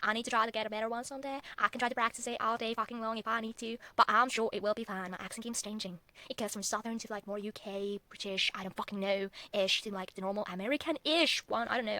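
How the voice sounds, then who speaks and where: Lol young woman just rambling into her phone super fast, swears a ton, bit high pitched. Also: sharp tone, dry recording. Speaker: vlogger. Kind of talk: unscripted rambling vlog.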